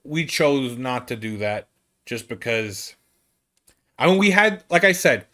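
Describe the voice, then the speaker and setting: A man, a comedian, telling a rambling travel story in an animated, casual way. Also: a little slow. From United States. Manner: animated, rambling, with big swings in pitch. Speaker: comedian host.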